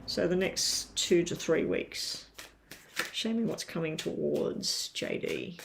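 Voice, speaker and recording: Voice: medium pitch, wildly swooping pitch, takes it slowly, creaky, noisy background. A tarot reader doing a casual live-stream reading from home, chatting straight to viewers with lots of ums.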